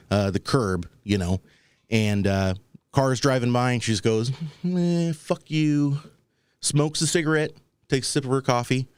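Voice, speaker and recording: A man's voice: on the low side, a little mellow, smooth, no room sound. A man hosting a talk show, telling a rambling, wry story and acting out the people he quotes. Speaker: podcast host. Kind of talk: casual comedic storytelling.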